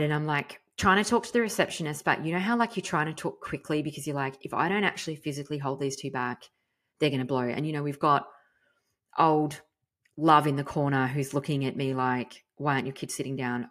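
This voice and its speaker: Brief: mother, frank storyteller, low, deep voice, mild swearing. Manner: chatty, frank, animated, swears mildly. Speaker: podcast host. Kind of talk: casual storytelling monologue.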